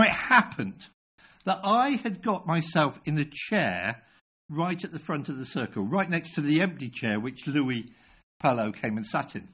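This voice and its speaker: A man in his sixties preaches a sermon in a fairly high, husky voice. He tells a story with animated delivery and self-deprecating humor.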